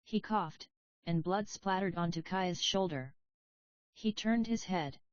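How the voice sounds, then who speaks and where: A woman narrating a story audiobook in an even, measured reading voice. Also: lowish voice, dry recording. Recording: dry, slightly dull audio.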